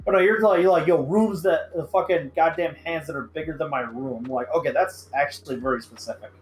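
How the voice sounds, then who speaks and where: A man hosting a casual podcast chat, excitable and profane, breaking into sudden loud outbursts. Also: fairly high pitch, a little fast, faint music behind. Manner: excitable, swearing, shouts in bursts. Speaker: podcast host.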